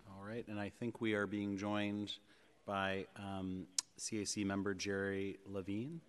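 A man chairing a public board meeting, speaking in a measured way with frequent fillers. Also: fairly low pitch, flat delivery, clean tone. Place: large legislative chamber. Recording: reverberant council chamber.

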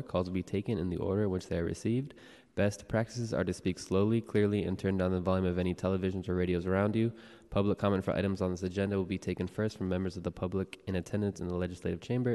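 A man serving as clerk of a public board, calling the roll and reading procedural announcements in a steady, formal way. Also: sits low, gravelly. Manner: steady, formal, read-aloud delivery. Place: legislative chamber in a city hall. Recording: long reverb of a large hall.

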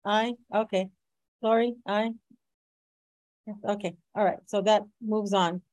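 A woman's voice: medium pitch, fairly even intonation, slow pace, darkish tone, no room sound, rough recording. A woman chairing a school board meeting, speaking casually and hesitantly with many fillers.

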